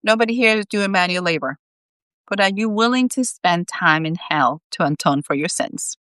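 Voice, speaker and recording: Brief: woman reading a sardonic older saint at the gates, lively delivery, dry close mic. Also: fairly low pitch, normal speed, no room sound. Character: wry saint at heaven's gate, older man.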